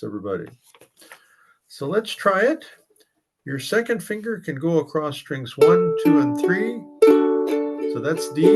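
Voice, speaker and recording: A man's voice: fairly high pitch, rough recording. A man teaching a ukulele class, patiently counting beats aloud while he plays. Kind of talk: ukulele lesson. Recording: loud ukulele under voice. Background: ukulele strumming.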